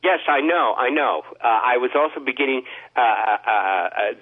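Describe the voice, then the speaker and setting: A man telling a long rambling story in a casual chat, halting with many restarts and fillers. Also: medium pitch, animated. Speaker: podcast host. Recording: tinny phone line.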